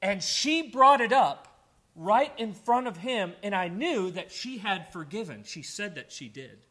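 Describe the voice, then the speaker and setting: A man's voice: sits high, expressive, unhurried, sharp tone. A middle-aged man preaching a sermon in an earnest, conversational way, with personal stories. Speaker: pastor.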